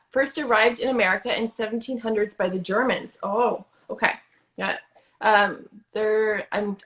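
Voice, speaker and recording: A woman's voice: fairly high pitch, a bit bright. A middle-aged woman co-hosting a podcast in easygoing, giggly casual chat over a video call. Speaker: podcast co-host.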